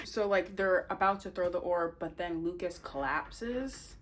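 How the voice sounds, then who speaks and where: A woman with a lowish voice casually retells the plot of her novel, unhurried and with hardly any pauses. She's chatty and animated, rambling, interrupting herself, and teasing her viewers with asides.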